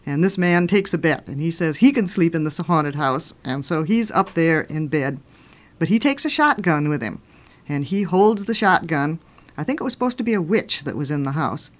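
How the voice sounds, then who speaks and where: An older woman, a radio host and children's author, telling ghost stories in an animated, dramatic way, with sudden loud bursts and hushed turns. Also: lowish voice. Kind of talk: storytelling on radio.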